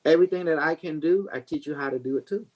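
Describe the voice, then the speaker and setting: A man's voice: fairly high pitch, quick pace, darkish tone, low-quality recording. A rambling man with a raised voice. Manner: rambling, repeats words, laughs often. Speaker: community leader and host. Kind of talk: casual teaching talk.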